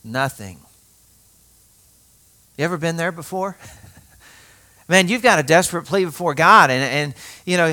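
A man preaching a sermon, telling a personal story in a lively, conversational way, often laughing and speaking straight to his listeners. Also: a little high, measured pace, long pauses. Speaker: pastor.

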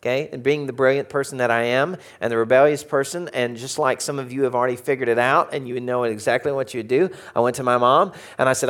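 A man from Arkansas with a Southern accent, telling a humorous story to a live audience. He is animated and jokey, dropping to a hush for effect. His voice sits in an ordinary middle pitch. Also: quick pace, few pauses. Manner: animated, jokey, swings between loud and hushed. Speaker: speaker.

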